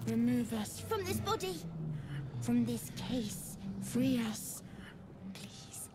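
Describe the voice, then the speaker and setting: Begging childlike brain creature, high, sing-song, slow, eerie; noisy game track. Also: female voice, animated. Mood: pleading. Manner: slow, begging, drifting to whispers.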